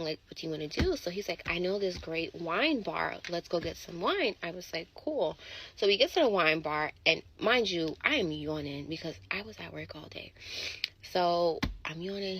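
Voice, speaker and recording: A woman telling a dating story in casual, animated chat. She curses and acts out what people said. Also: fairly low pitch, slight background noise, poor audio. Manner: animated, swearing, acts out quotes.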